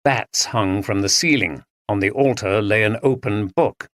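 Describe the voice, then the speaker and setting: A man reading a story aloud as an audiobook narrator, with expressive storytelling. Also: fairly low pitch, measured pace. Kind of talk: scripted narration.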